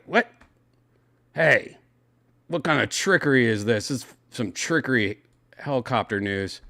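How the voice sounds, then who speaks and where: A podcast host with a creaky mid-range voice reads news stories at a measured pace, pausing often. In a casual chat he reacts in an animated way, exclaiming and swearing frequently. The recording is dry.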